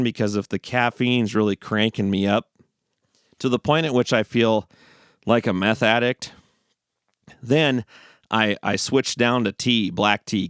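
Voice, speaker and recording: A man's voice: medium pitch, a bit bright, clear, resonant tone, no room sound, clean studio sound. A man hosting a casual, rambling monologue, often repeating and restarting phrases. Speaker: host. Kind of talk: casual stream-of-consciousness monologue.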